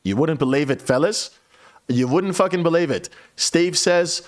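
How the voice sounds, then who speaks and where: A man's voice: on the high side, normal speed. A male streamer telling a rambling, profane story to his viewers in a casual, chatty way.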